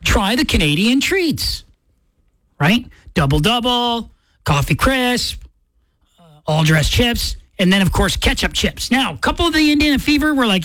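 Chatty woman radio host, lively. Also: on the high side, moderate pace, no room sound. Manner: chatty storytelling, playful. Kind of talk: casual radio chat. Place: radio studio.

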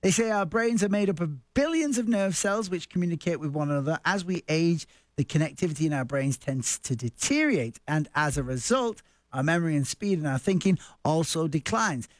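A man's voice: on the high side, expressive, fairly quick, no echo. A man in his forties from the north of England with a Wigan accent, talking in a chatty, self-deprecating way. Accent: Wigan, northern English. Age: 40s. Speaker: speaker. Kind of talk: casual personal monologue.

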